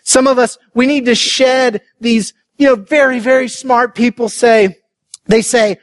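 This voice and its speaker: High-voiced earnest male preacher. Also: steady tone, unhurried. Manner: earnest, building to emphatic shouts. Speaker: pastor. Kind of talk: sermon.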